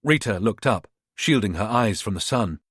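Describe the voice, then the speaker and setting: A man narrating a thriller audiobook in a measured, expressive reading. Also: lowish voice, slightly rough, no room sound, clean studio sound.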